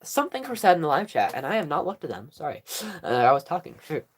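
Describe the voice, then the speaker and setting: A woman's voice: deep voice, very animated, fast talker. A woman hosting a casual fan livestream, rambling and giggling often with frequent laughs and an occasional cough. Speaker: livestream host.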